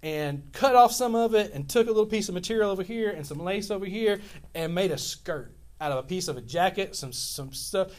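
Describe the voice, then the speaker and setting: Animated high-voiced male pastor preaching. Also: a little fast. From Louisiana, US. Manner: animated storytelling, rambling restarts. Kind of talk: sermon.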